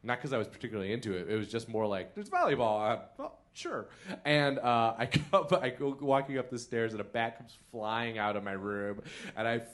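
A man's voice: mid-range voice, fairly quick, few pauses, a bit bright. A man doing comic storytelling on a podcast, laughing mid-sentence and acting out quotes with big jumps in voice. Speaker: comedian guest. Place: theater stage.

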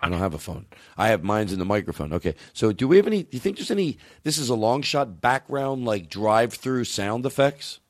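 A man's voice: fairly low pitch, sing-song, brisk, hardly any pauses, no echo, clean studio sound. A man hosting a comedy podcast, riffing animatedly and laughing often. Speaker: podcast host. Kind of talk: casual comedy chat.

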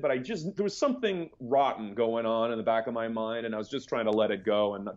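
A man telling his story as a podcast guest, rambling and animated, with many restarts. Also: lowish voice, fairly quick. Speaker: interview guest, startup founder. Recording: dull lo-fi podcast audio.

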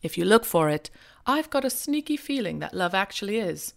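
A woman's voice: mid-range voice, sing-song, brisk, creaky. A woman doing a put-on British narrator. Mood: mock-solemn. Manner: exaggerated, self-mocking reading. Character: American woman mimicking a British male film narrator.

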